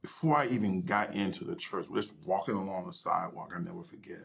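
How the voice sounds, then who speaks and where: A middle-aged male pastor telling his personal story in an interview, emotional and halting, sometimes dropping to a near whisper. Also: deep voice, vocal fry. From United States.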